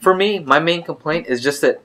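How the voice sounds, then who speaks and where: A man's voice: on the high side, normal speed, a bit bright. A man hosting a tech podcast, chatting casually at an office conference table, rambling a little with fillers. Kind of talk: casual chat.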